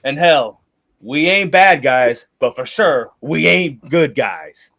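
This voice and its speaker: A man's voice: fairly high pitch, lively intonation, slow, fairly bright tone, exaggerated voice. A man voicing a brash middle-aged mercenary leader who swaggers and talks crude. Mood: boisterous.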